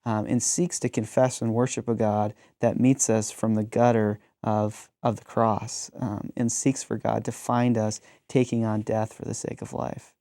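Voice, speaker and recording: A man's voice: on the low side, level tone, unhurried, few pauses, warm tone, no room sound, clean studio sound. A man in his thirties, a pastor, talking reflectively in a conversational discussion and telling stories with frequent ums.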